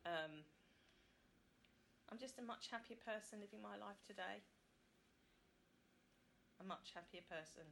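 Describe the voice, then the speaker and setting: A woman giving a candid, halting, heartfelt personal testimony as a member sharing at a support meeting. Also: mid-range voice, gravelly, fairly bright tone, slight background noise.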